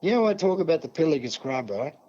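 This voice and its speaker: A man's voice: fairly high pitch, very animated, quick pace, mellow, slightly rough. Older Australian man yarning a story. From New South Wales, Australia. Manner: yarning, acts out dialogue, many "see?" and "mate". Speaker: guest elder. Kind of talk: casual storytelling interview. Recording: dull lo-fi sound.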